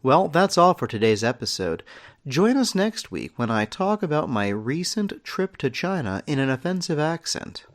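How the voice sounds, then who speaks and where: A man's voice: on the high side, big pitch swings, moderate pace. A male comedy podcast host reading fake ads and listener questions in a dry, mock-serious way.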